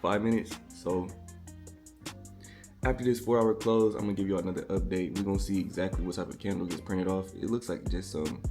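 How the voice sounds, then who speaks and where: A man's voice: low voice, fairly even intonation, fairly quick, darkish tone, faint music behind. A man in his twenties vlogging casually about his day trades, slangy and easygoing, calling viewers bro. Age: 20s. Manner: laid-back slang-heavy talk, calls viewers bro. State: a little out of breath. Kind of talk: casual vlog with market updates.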